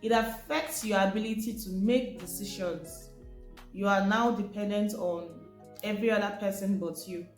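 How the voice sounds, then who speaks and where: A woman's voice: medium pitch, steady tone, moderate pace. A woman giving an informal teaching talk, chatty and asking her listeners rhetorical questions. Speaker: presenter. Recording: echoey room with faint music.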